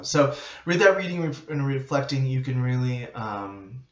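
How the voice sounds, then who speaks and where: A man teaching students about nursing in a relaxed, conversational way. He uses frequent fillers and tag questions as he explains. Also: medium pitch, moderate pace. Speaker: psychiatric nurse instructor. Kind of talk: informal lecture to students. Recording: roomy, dull lo-fi recording.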